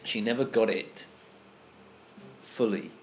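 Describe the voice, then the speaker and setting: Man, low voice, casual group discussion, hesitant, many restarts, faint background noise. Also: slow.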